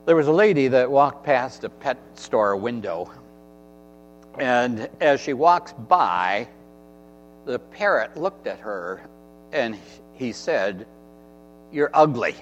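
A man's voice: mid-range voice, animated, slow, long pauses, in a large hall. A man preaching a sermon in an earnest way, repeating phrases for emphasis. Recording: dull recording with faint mains hum.

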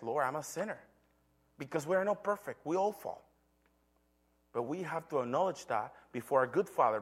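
A man's voice: medium pitch, fairly bright tone. A middle-aged man, a church elder, giving an earnest sermon testimony told as a story. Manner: earnest, storytelling with acted quotes.

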